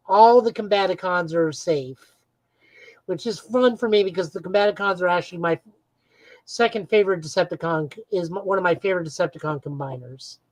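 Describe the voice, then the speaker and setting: A woman's voice: on the low side, darkish tone, no echo, poor audio. A woman co-hosting a podcast, eagerly recapping comic book plots in a casual chat with frequent "uh"s. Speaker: podcast co-host.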